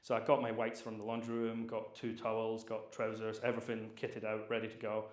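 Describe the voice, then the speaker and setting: A man's voice: lowish voice, monotone, a little fast, roomy sound. A young man with a Scottish accent, Polish by birth, telling his story as a guest in a casual interview, rambling with lots of fillers and restarts. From Scotland. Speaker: private chef, guest.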